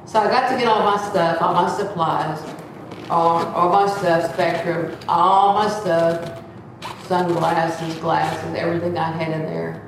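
A seventy-year-old woman with a drawl tells her story in a chatty, animated way, often turning to talk about God. Her voice sits a little low, and it rings in a very echoey room. She sounds a bit away from the mic. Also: measured pace, noisy background. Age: 70s. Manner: chatty, expressive, laughing often; devout, speaks often of God. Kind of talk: casual storytelling. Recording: echoey, slightly distant mic.

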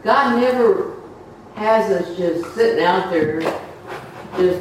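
A woman's voice: medium pitch, lively intonation, slow, background noise. A woman giving an informal testimony sermon to a congregation, a chatty storyteller who laughs through her stories. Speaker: church speaker giving testimony. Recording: echoey hall, far from the mic.

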